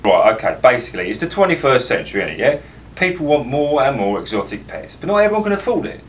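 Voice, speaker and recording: Cocky hustler played by a man, slangy market patter, mid-pitched. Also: sing-song, fast, slight background noise, close to an everyday voice. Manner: cocky slangy patter, calls people mate and son. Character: brash cockney wheeler-dealer professor, defensive hustler. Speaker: mock interviewee. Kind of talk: mockumentary comedy.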